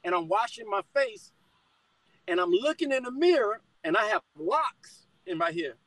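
A man's voice: high voice, very animated, normal speed, a bit bright, dry recording, low-quality recording. A middle-aged man telling a personal testimony in conversation, fired up and calling the listener brother again and again.

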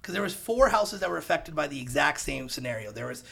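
Fast-talking and fairly high-pitched with a creaky edge, a male realtor shares a story as a podcast guest. He's casual and animated, acting out the exchanges and getting loud at each punchline.

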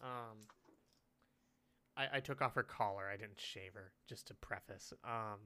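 Giggly rambling man with a smooth voice. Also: fairly low pitch, unhurried, pushed and bright. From California. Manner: giggly, rambling storyteller, laughs often. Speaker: podcast co-host. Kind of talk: casual podcast chat.

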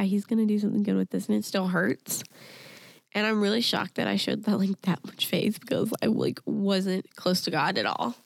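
Casting: young woman, gravelly fry, dry close sound, casual rambling storyteller. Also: mid-range voice, no echo. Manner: rambling storytelling with many fillers. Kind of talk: casual chat.

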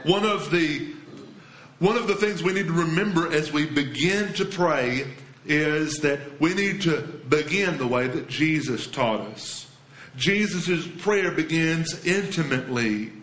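A man preaching a sermon as a pastor, earnest and emphatic, going soft and low when he quotes scripture. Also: expressive, a little slow. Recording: roomy echo.

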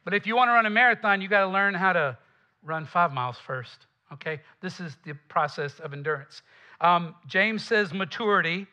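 A man with a Southern accent preaches to his congregation in a loose, conversational way, tossing asides to the room. His voice sits a little high and rings bright and forceful. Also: animated, moderate pace, lo-fi sound. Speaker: pastor. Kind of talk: sermon.

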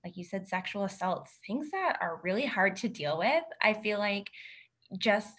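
A woman's voice: medium pitch, expressive, moderate pace, fairly bright tone. A woman host in conversation, thoughtful and tentative, wondering aloud as she asks her question. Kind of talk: conversational interview.

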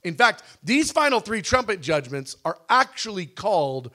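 Animated man teaching a Bible session. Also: high-pitched, moderate pace. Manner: animated, acts out cries with sudden loud shouts; conversational with fillers and restarts.

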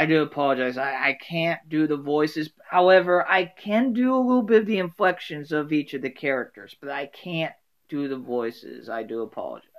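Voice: mid-range voice, fairly bright tone. A sitcom fan talking casually, rambling and apologising as they imagine a crossover plot.

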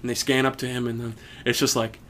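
A man's voice: medium pitch, level tone, fast, fairly bright tone, slight background noise. A young man co-hosting a podcast, rambling in casual crude chat with lots of fillers. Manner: rambling, many fillers, laughs a lot. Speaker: podcast co-host.

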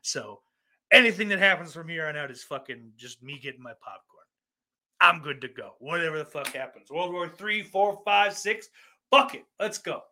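A man's voice: on the high side, lively intonation, moderate pace, pushed and bright. A man hosting a podcast, reading out listener questions in a rambling, profane and sardonic way. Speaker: podcast host.

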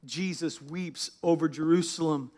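A man's voice: fairly high pitch, measured pace, darkish tone. A man serving as lead pastor, praying and then preaching a sermon in church with an emphatic delivery that builds as he goes. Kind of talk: sermon with opening prayer.

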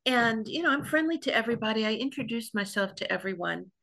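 Woman from New York, podcast host, creaky gravelly voice, chatty, laughs a lot, casual storytelling. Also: on the high side, lively intonation, fast talker, fairly bright tone. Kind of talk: casual chat.

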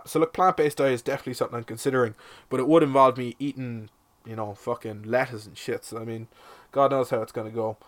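A man's voice: medium pitch, fairly bright tone. Rambling, sweary man podcasting. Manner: rambling, sweary, self-mocking comic patter. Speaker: podcast host. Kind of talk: casual solo podcast monologue. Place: his shed.

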